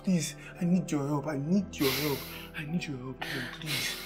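A man's voice: a little high, normal speed, over music, natural voice. An actor playing a distraught man who stammers and repeats himself as he begs his brother for help. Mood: panicked. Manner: stammering, repeating words in panic. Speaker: man who found a dead woman at home. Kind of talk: film drama acting.

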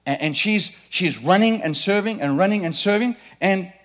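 Animated, playful male preacher. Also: sits high, moderate pace. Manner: animated, playful, quizzes the congregation. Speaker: pastor. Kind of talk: sermon. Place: church sanctuary.

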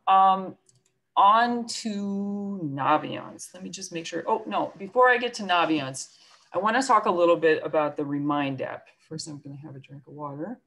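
A woman's voice: on the low side, moderate pace, fairly bright tone. A woman school counselor with a New York accent, giving a chatty presentation to parents on a video call with many fillers and self-deprecating asides.

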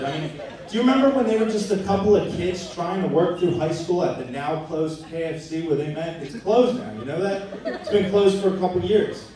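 A man's voice: sits high, a little fast, a crowd in the background. A man in his thirties giving a best man speech at a wedding reception, joking and then turning earnest and sentimental. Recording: echoey room from far off.

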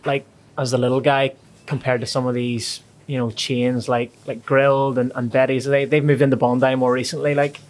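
Relaxed man hosting a podcast. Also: medium pitch, moderate pace. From Australia. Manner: relaxed, friendly, says "mate" often. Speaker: podcast host. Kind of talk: casual interview.

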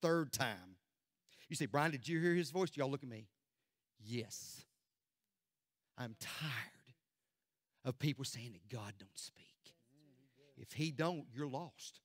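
A man preaching a sermon as pastor, swinging from loud declarations to hushed near-whispers. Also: mid-range voice, animated, slow, long pauses, dry recording, studio quality. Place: church sanctuary.

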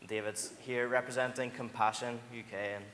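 Bright-voiced man leading a church service. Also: mid-range voice, moderate pace. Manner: relaxed, hesitant with fillers. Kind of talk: service announcements. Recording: echoey church hall, faint noise.

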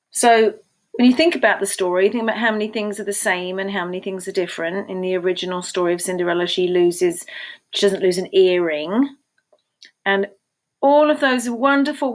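Expressive woman reading a picture book. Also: medium pitch. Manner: expressive, enthusiastic. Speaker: storyteller reading aloud. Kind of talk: children's picture-book read-aloud.

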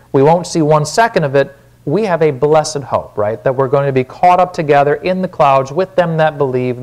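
A man with a Wisconsin accent preaching a sermon in a church, casual and conversational, often asking "right?". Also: on the high side. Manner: conversational, frequent "right?" check-ins. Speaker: pastor.

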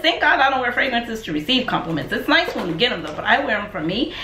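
A woman's voice: on the high side, fast, hardly any pauses. Chatty woman vlogging in an echoey room. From United States. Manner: chatty, rambling, animated asides. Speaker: lifestyle vlogger. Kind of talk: casual chat to camera.

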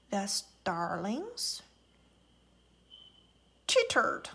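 Woman reading a storybook to small children, very high voice, bright, unhurried, playful bird-call mimicry. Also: huge pitch swings. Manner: slow and playful, mimicking bird calls, dropping to soft whispers. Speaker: teacher reading a picture book aloud. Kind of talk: storybook read-aloud for young children.

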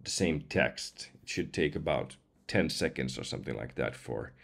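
A man's voice: rumbling low, lively intonation, moderate pace, creaky, fairly bright tone, breathy edge. A man, a professional voice-over artist, casually explaining and testing voice tools, chatty with small asides. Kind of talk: casual tutorial chat.

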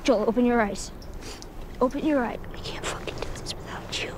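A woman's voice: a little high, brisk, natural voice. An actress playing a frightened teenage girl in a TV drama, desperately pleading with a wounded man and dropping into whispers. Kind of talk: TV drama acting.

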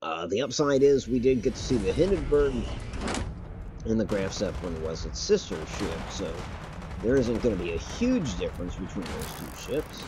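A man's voice: lowish voice, very animated, moderate pace, background noise. A man streaming a game, giving casual commentary, rambling, correcting himself and swearing casually. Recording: loud game gunfire behind voice. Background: game gunfire and artillery.

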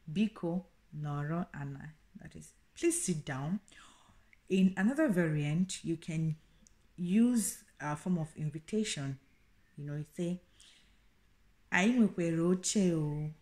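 A woman giving a casual video language lesson, explaining slowly and repeating each phrase. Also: low voice, dark tone. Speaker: language teacher.

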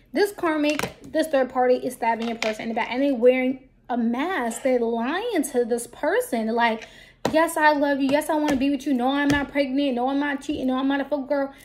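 High-voiced woman giving a blunt tarot reading. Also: background noise. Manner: blunt, profane, lively talk. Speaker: tarot card reader. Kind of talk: casual tarot reading for viewers.

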